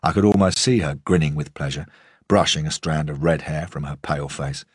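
A man narrating a first-person audiobook in a measured, understated way. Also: very deep voice, steady tone, husky, no room sound, studio quality.

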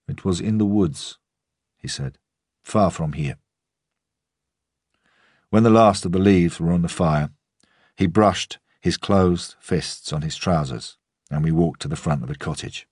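Brief: male narrator, deep and husky, dry close-miked read of first-person crime fiction. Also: a little mellow, no room sound. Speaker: audiobook narrator.

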